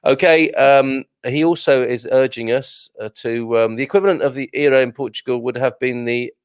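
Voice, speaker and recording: A man's voice: medium pitch, moderate pace, clear, resonant tone, dry recording, clean studio sound. A man hosting a live morning show, chatting jovially and reading out viewer comments. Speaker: show host.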